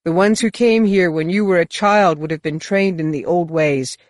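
A woman's voice: fairly high pitch, sing-song, normal speed, slightly rough, no room sound, studio quality, pitched above the performer's own voice, exaggerated voice. A woman voicing an eager, persistent young man in an audiobook, earnest and pressing.

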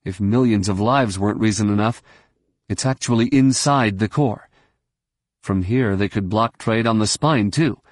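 A man voicing a calm middle-aged leader in a science fiction audiobook, steady and measured. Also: on the low side, no echo, studio quality, close to an everyday voice. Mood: urgent.

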